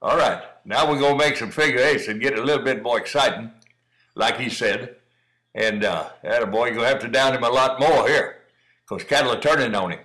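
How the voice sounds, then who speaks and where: Fairly quick and pushed, with a bright mid-range voice, a middle-aged cowdog breeder gives running commentary over training footage. His tone is folksy and encouraging, and he calls the listener son; the audio is poor.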